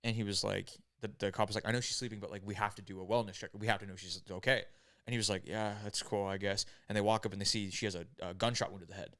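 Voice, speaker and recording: A man's voice: fairly low pitch, fairly even intonation, fast talker, a bit bright. A man casually telling a grim story to friends on a podcast, rambling and profane, with many "right?"s and "like"s. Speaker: podcast host.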